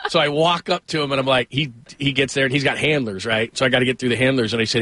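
Man, sports radio host, middle-aged, rambling stories, bright tone, dry close sound. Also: mid-range voice, fast talker, dry recording. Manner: rambling, animated, laughs often. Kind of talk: casual sports talk and storytelling.

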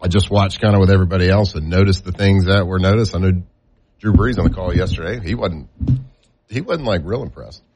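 A man giving football analysis in a measured, thoughtful way with wry asides. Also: sits low, a little mellow, a little hiss or hum. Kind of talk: casual sports talk.

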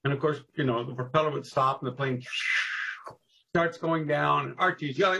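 A man telling animated history anecdotes as a podcast guest, laughing at his own stories and jumping into voices. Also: a little high, normal speed, gravelly, low-quality recording. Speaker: guest storyteller on local history. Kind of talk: casual podcast storytelling.

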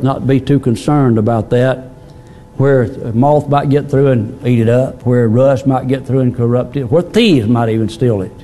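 Middle-aged pastor guy preaching, warm mellow voice, stumbles and repeats himself a lot. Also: medium pitch. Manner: plain-spoken, repeats words, many fillers. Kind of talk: sermon.

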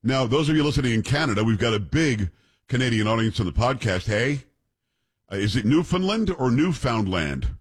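A man's voice: medium pitch, fairly quick, husky. A man hosting a podcast, chatting casually and reading news aloud, joking and tripping over foreign names. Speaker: podcast host.

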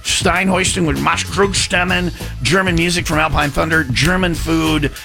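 Gravelly, rambling radio host from Wisconsin. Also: male voice, on the high side, fairly even intonation, moderate pace, bright, forceful tone, soft background music. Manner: jokey, rambling, self-correcting. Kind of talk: morning radio banter.

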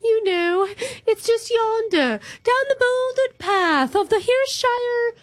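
A haughty, put-on British applicant with a prim, drawn-out way of talking, as a woman puts her on for a prank call. Her voice sits high and airy. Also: animated, full character voice. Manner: prim, affected, slow drawl. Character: pompous fake-posh female job applicant.

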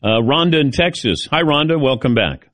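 A man's voice: mid-range voice, lively intonation, moderate pace, a bit bright, dry recording. A middle-aged man hosting a call-in radio show, chatting casually in a rambling, self-deprecating way.

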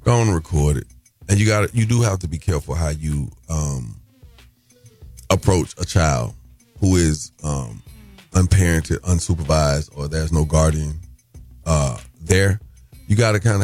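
A man hosting a morning talk radio show, chatting casually in a relaxed, conversational way. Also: very deep voice, moderate pace, long pauses, soft background music.

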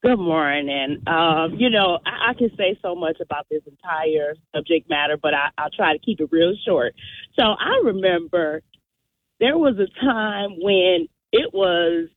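A woman's voice: fairly low pitch, measured pace, no echo. A woman calling in to a radio talk show, telling a story with acted-out voices. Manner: animated storyteller, acts out voices. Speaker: radio caller. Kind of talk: storytelling call-in. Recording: tinny phone line, dry.

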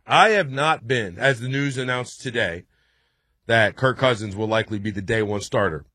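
A man hosting a sports talk radio show from a studio, talking in an excitable, animated way with many restarts. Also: mid-range voice, normal speed, no echo.

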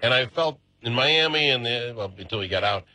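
A middle-aged man hosting casual sports talk on the radio, excitable and chatty, his voice jumping up when he gets animated. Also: mid-range voice, brisk, dry recording, poor audio. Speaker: radio host.

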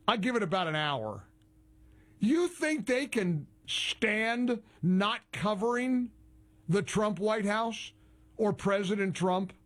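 A man's voice: sits high, expressive, slow, a little hiss or hum. Sarcastic male talk radio host. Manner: heavily sarcastic, mocking. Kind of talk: opinionated radio commentary.

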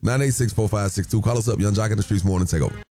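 A man hosts a morning radio talk show, speaking very fast in a fairly low voice over a noisy background. He's casual and animated, acting out voices and yelling the quoted lines to make his points.

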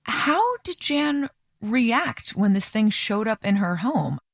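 A woman's voice: on the high side, animated, slow, no echo. A female host interviewing a reporter, asking curious, probing questions.

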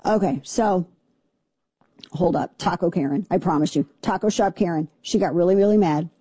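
A woman's voice: fairly low pitch, moderate pace, warm tone, husky, no room sound. Indignant, sarcastic woman radio host. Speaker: radio talk show host. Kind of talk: opinionated talk radio commentary.

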